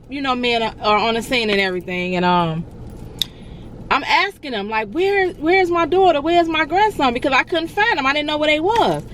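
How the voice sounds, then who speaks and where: A fairly high-voiced woman in her forties tells her story to viewers in an emotional vlog, circling back and calling them y'all. She sounds close to tears, and faint traffic noise drifts in from outside. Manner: animated, repeats herself, addresses viewers as y'all. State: near tears. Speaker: vlogger.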